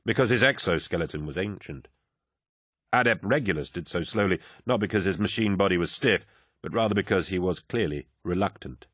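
With a low voice and a calm, even manner, a man narrates a scripted audiobook as a story. The sound is clean studio audio, dry throughout.

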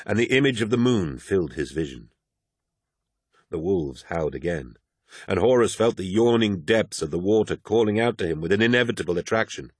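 A man reading a dark fantasy audiobook in a measured, dramatic narration. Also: fairly low pitch, breathy edge, no room sound, studio quality.

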